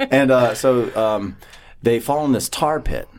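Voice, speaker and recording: A man telling a story in a casual group chat, animated and laughing often, swearing freely. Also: a little high.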